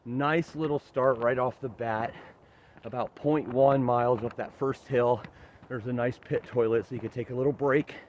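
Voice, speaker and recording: A man's voice: mid-range voice, steady tone, normal speed, a little mellow, muffled recording, slight background noise. A man narrating his hike in a casual, upbeat vlog, chatty and a little out of breath from the steep climb. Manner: chatty, upbeat, laughs at himself, many "uh" fillers. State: winded from climbing. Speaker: hiking vlogger. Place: outdoors on a steep forest trail.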